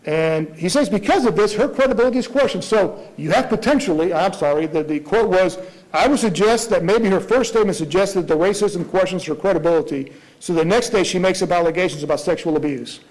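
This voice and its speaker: High-voiced man arguing in court. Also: brisk, darkish tone, low-quality recording. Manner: rhetorical, pressing questions. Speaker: prosecutor. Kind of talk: courtroom argument before a judge.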